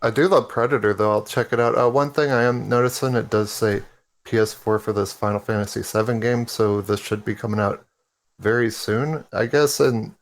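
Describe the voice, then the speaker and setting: A man's voice: fairly low pitch, steady tone, moderate pace. A man on a casual podcast panel, talking in a laid-back, rambling way with lots of hesitations.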